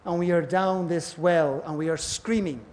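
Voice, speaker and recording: High-voiced man giving a scripture class. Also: moderate pace, a little mellow. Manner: storytelling, acts out voices in parables. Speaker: class speaker. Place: temple hall.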